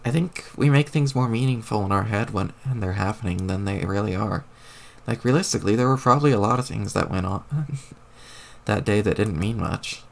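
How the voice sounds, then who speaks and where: A man reading aloud as a wry, deadpan teenage girl adventurer who rambles. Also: lowish voice, fairly quick, creaky.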